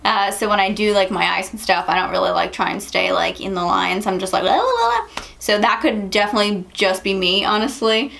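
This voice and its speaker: A young woman talks at home in a loose, rambling way while she reviews makeup, her sentences full of "like" and "um". Her voice has a steady creaky fry at the ends of phrases, and her pitch sits in the middle for a woman. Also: slight background noise. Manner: chatty, lots of "like" and "um", quick laughs. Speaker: beauty vlogger. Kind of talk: casual storytelling and makeup review.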